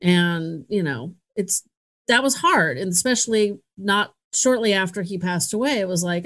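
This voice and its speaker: A woman's voice: medium pitch, expressive, moderate pace, fairly bright tone. A middle-aged woman hosting a podcast, telling a story in a casual, candid and self-mocking way, laughing often. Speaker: podcast host.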